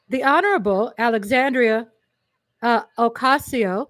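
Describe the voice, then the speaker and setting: A woman from Texas with a Texan accent, hosting a casual livestream, reading out a list of names in a chatty, excitable way and correcting her own stumbles. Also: high-pitched, moderate pace, no echo. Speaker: livestream host.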